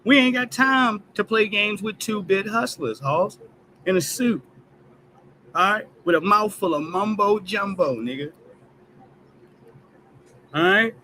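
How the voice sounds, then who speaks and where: Casting note: male stream host, bright forceful tone, pitched a bit high, keeps punching lines with "all right?". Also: animated, measured pace, long pauses, a little hiss or hum, low-quality recording. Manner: emphatic, repetitive "all right?" tags, heated and profane. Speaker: host of a news commentary stream. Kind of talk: casual commentary rant.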